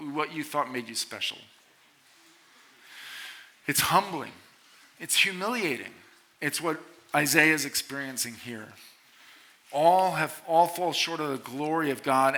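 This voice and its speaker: A middle-aged man preaching a sermon to college students at a conference, animated and playful, swinging from hushed lines to loud ones. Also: on the high side. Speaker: conference speaker. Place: large conference hall.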